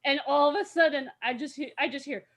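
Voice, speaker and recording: A young woman telling a story as an interview guest, acting out the quoted people with loud outbursts and laughter. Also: high-pitched, quick pace, a little hiss or hum.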